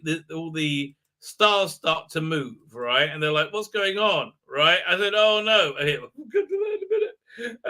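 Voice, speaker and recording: A man's voice: on the high side, bright, forceful tone. A man hosting a live stream, recapping an episode in a sarcastic, rambling way with many fillers. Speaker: host.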